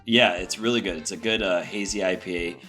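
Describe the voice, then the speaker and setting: Young man, podcast co-host, tipsy, rambling casual chat, lowish pitch. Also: steady tone, a little fast, pushed and bright, faint music behind. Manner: loose, rambling, laughing. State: tipsy from drinking.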